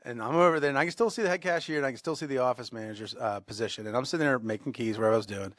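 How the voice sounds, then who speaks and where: A man co-hosting a podcast, telling a workplace story in a lively way and acting out the shouting. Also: medium pitch, rapid-fire, no room sound, studio quality. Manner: animated storyteller, acts out shouted quotes. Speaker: podcast co-host. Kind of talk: casual storytelling.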